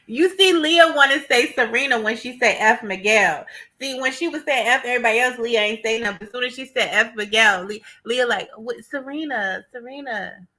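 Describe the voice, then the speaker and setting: A woman co-hosting a casual recap chat, chiming in with quick side comments. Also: on the high side, sharp tone. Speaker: co-host.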